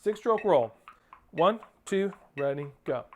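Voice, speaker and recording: Over loud percussion and a noisy background, a man coaches a drum lesson, counting off and singing rhythms aloud. His voice sits high, with lively intonation, and he speaks slowly.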